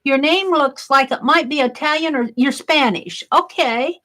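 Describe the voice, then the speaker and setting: A woman's voice: high-pitched, a little slow, few pauses, fairly bright tone. A woman hosting a casual crafting live stream, exclaiming over mail and greeting viewers in chat.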